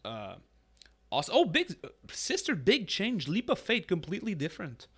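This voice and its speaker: A man co-hosts a podcast in loose, casual chat. His voice sits fairly high for a man, and he is animated and jokey, teasing his co-host as he talks. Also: moderate pace, husky.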